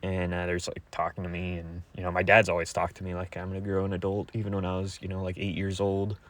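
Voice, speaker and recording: A young man talking to his viewers in a crude, rambling monologue, halting with many fillers. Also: low voice, completely flat delivery, fairly bright tone.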